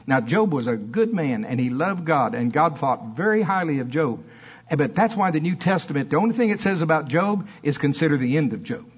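A man delivers a sermon in church, his husky, slightly high voice swinging between fiery emphasis and quiet asides. The recording is dull and lo-fi. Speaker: preacher.

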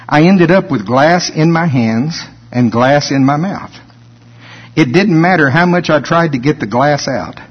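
A man preaching a sermon as a pastor, building up to shouted emphasis. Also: mid-range voice, slightly rough, big-room sound, highs cut off.

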